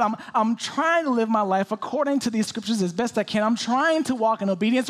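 A male preacher with a high voice delivers a dramatic sermon. He swings from loud, pleading questions down to hushed whispers. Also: very animated, fast talker, few pauses.

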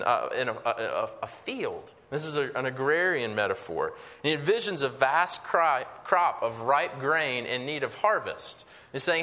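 A male pastor delivers a sermon in a bright, forceful voice. He is earnest and emphatic, hammering points home by repeating phrases, with frequent restarts. His voice sits a little higher than most men's. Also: in a large hall.

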